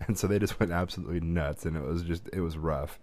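A man's voice: sits low, fast talker, darkish tone, no room sound. A man co-hosting a podcast, telling rambling family stories in casual chat with restarts and laughs. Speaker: podcast co-host.

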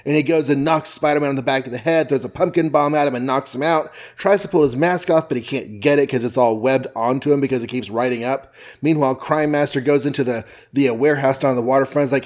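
A man's voice: on the high side, fairly even intonation, quick pace, few pauses. A man co-hosting a podcast, rambling jokily through a comic book recap with lots of fillers. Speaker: podcast co-host.

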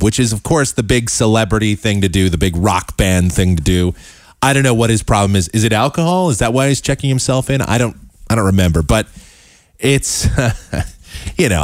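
A man hosting a talk show, giving casual, sarcastic commentary with quick asides. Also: on the low side, dry recording, clean studio sound. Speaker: show host.

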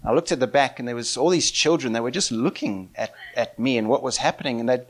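A man preaching a lively sermon, telling stories with frequent laughter and acting out the voices of the people in them. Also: mid-range voice, fast talker. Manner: animated, laughing often, acts out quoted voices.

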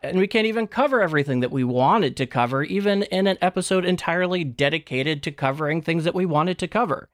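A man's voice: quick pace, few pauses, dry recording, clean studio sound. A man co-hosting a history podcast, with a theatrical, rhetorical way of talking. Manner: theatrical, rhetorical delivery with sudden pitch leaps. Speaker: podcast co-host. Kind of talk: casual history podcast chat.

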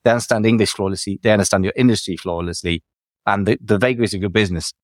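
A man hosting a podcast, asking questions and musing in a quick, reflective way with light chuckles. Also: lowish voice, steady tone, no room sound, studio quality. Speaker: podcast host. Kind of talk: casual podcast conversation.

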